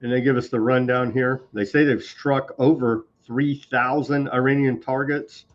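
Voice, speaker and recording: A man's voice: medium pitch, fairly even intonation, moderate pace. Sarcastic male news commentator, dull recording. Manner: sarcastic, indignant, reads posts aloud. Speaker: news show host. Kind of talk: live commentary on news clips. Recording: slightly dull lo-fi sound.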